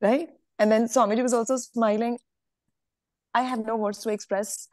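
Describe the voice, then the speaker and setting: A woman's voice: on the high side, fairly even intonation, normal speed, darkish tone, dry recording. A woman with an Indian English accent gives an earnest, emotional testimony on a video call. She hesitates and restarts often. Her sound is dry and close. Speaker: participant sharing a devotional experience.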